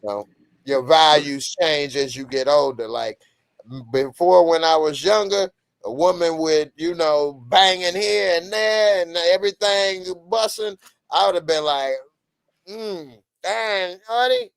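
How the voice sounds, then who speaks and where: A man's voice: a little high, a little slow, clear, resonant tone, no echo. A man hosting a live show review, talking in a loose, slangy, joking way. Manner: laid-back, joking, loose slangy delivery. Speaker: show host.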